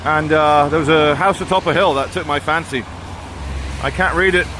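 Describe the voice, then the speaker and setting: A man's voice: on the high side, steady tone, moderate pace. Guy rambling on a walking vlog, strong opinions, bit of street noise. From Brazil. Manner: chatty, rambling, opinionated, self-correcting. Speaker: vlogger. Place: outdoors in a town, walking.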